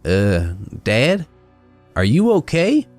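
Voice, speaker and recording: A man's voice: mid-range voice, wildly swooping pitch, takes it slowly, darkish tone, dry recording, soft background music, pitched above the performer's own voice. A man voicing the storyteller's younger self, an anxious young adult son, in a horror story. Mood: worried.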